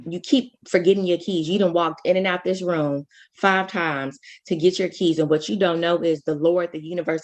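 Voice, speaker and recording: Woman, podcast co-host, casual chat, animated storyteller, fast restarts, lowish voice. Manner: animated storytelling with sudden rises in pitch; talks fast, full of restarts.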